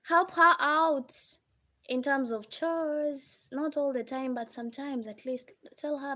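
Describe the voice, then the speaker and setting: A woman's voice: sits high, slow, bright, forceful tone. A woman with a Kenyan accent giving relationship advice on a live stream, scolding and asking rhetorical questions. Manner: scolding, rhetorical, mimics others' voices. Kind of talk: casual live-stream monologue.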